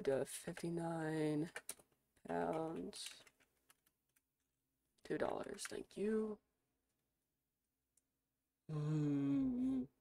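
A young woman from the United States chatting casually on a stream, swearing freely and reacting out loud as she browses. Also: on the low side, no room sound.

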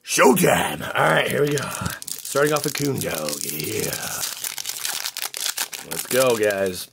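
A man's voice: medium pitch, sing-song, takes it slowly, vocal fry, background noise. A man hosting his channel, chatting casually and rambling with frequent restarts as he opens card packs, his voice cracking. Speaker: card-opening channel host. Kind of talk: casual commentary while opening packs.

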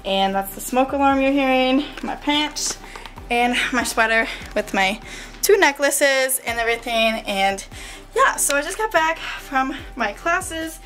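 A young woman rambles cheerfully to her camera in her bedroom, her voice sitting a little high. She is slightly out of breath and full of fillers and laughs, with faint music underneath. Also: animated, a little slow, a bit bright. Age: young adult. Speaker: vlogger. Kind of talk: chatty vlog.

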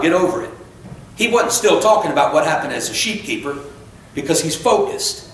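Male preacher, energetic off-the-cuff sermon, faint noise in a roomy church. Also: on the high side. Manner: fired-up, conversational, quick asides and self-corrections. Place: church sanctuary. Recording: very echoey church room, voice from far off, faint noise.

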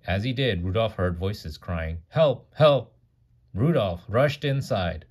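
A man reads a children's picture book aloud at bedtime in a deep, low voice. He is animated and stops now and then to gasp and comment. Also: unhurried, slightly rough. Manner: animated, gasps and comments mid-story. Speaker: parent reading to a child. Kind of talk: bedtime storybook reading.

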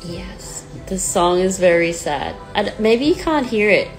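Speaking in a medium-pitched, animated but unhurried voice, a woman in her twenties chats casually on her phone livestream as a pop singer. Faint sad music sits behind the rough recording, and she comes across as nervous, near tears, hesitant and self-deprecating, with frequent fillers.

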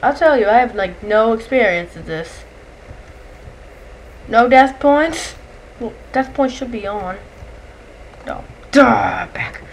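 A woman giving casual gameplay commentary, excitable and chatty, yelling and shrieking when monsters attack and chatting to the creatures. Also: fairly high pitch, takes it slowly, pauses often, a little hiss or hum. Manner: excitable, shrieks and yells at enemies; chatty, talks to game creatures. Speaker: let's play gamer.

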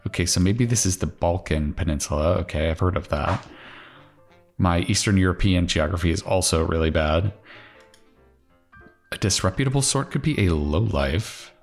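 A man's voice: deep voice, lively intonation, normal speed, soft background music. A man casually thinking aloud as he solves a crossword, musing and correcting himself with chatty asides.

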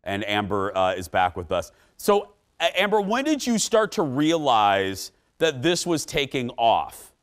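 A man hosting a talk show, who introduces segments in a quick, upbeat way and chats casually with a guest. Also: mid-range voice, huge pitch swings, clear, resonant tone. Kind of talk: casual chat.

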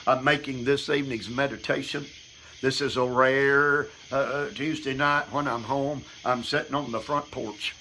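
A man's voice: medium pitch, sharp tone, slight background noise. A man preaching an evening devotional sermon from his front porch, emphatic and repetitive.

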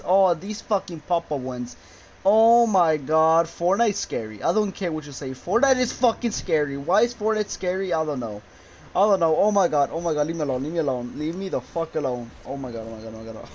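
A man's voice: fairly high pitch, animated, a little fast, a little mellow, slight background noise, low-quality recording. A young man giving frightened, swearing commentary while playing a horror game, yelping at scares and muttering nervously to himself. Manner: jumpy, swearing, yelps and exclaims. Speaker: gaming YouTuber.

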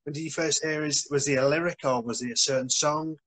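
A man hosting a casual interview, giving short affirmations and asking quick questions. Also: a little high, fairly even intonation, fairly bright tone. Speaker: host.

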